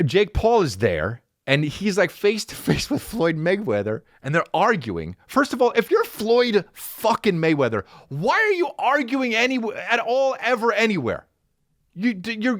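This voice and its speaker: A man in his thirties hosts a casual comedy podcast, ranting and storytelling in a loose, profane way. His voice sits a little high and jumps around a lot as he gets worked up. The sound is dry and close, with no room echo. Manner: profane, animated storytelling with frequent restarts. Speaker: podcast host.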